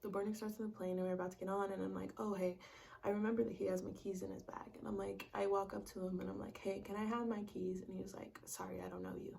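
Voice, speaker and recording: Young woman, gravelly voice, casual storytime vlog, profane and blunt, slightly distant mic. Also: medium pitch, little pitch movement, fast talker, dark tone, a little hiss or hum. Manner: blunt and profane, constant "like" and "bro", drops to whispers. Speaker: vlogger.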